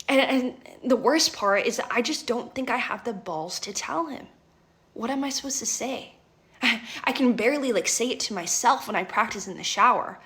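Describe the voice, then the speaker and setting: A young woman in her twenties tells a juicy story straight to her audience, keeping it dramatic and chatty. Her voice is a little higher than most women's, and she keeps tossing in "right?" and "okay?" to pull the listener along. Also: animated, normal speed, a bit bright. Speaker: vlogger. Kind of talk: storytime vlog.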